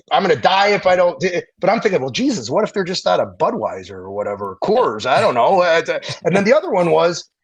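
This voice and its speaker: A middle-aged man, a veteran and former firefighter, telling stories in a casual interview, animated and profane, acting out the people he quotes. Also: on the high side, vocal fry, husky, muffled recording.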